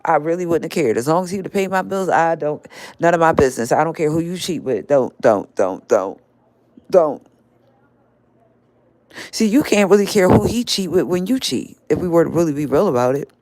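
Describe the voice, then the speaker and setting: A woman's voice: deep voice, animated, fairly quick, darkish tone, no echo. An older woman hosting a live stream, scolding and confronting someone directly in a heated rant.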